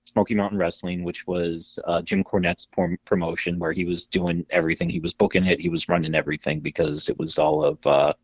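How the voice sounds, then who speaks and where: Male podcast co-host, low pitch, husky, animated storyteller, casual and profane. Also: fairly quick, few pauses, no room sound, muffled recording. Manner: animated storyteller, acts out quotes, swears freely.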